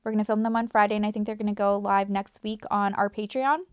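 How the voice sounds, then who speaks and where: A woman vlogger in her thirties talks straight to her viewers in a loose, chatty way, piling on fillers, restarts and emphatic turns. Her voice sits at an ordinary middle pitch. The sound is close and dry, with no room echo. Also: flat delivery, quick pace, clear, resonant tone. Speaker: YouTube true crime creator. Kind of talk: casual talk to camera.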